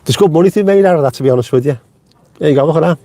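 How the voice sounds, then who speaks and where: A man's voice: fairly high pitch, rapid-fire, warm tone, dry recording. A middle-aged man hosting a casual live stream from inside his car, chatty and jokey, swearing freely and wandering off on tangents. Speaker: vlogger host.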